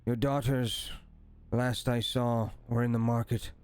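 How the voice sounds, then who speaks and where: A man voicing a male lizard folk hunter, gruff and blunt, who talks in terse, clipped sentences. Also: mid-range voice, level tone, a little slow, a little mellow, lightly acted.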